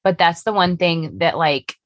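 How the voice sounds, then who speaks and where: Low-voiced woman co-hosting a podcast. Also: measured pace, no room sound. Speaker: podcast co-host. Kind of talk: casual podcast chat.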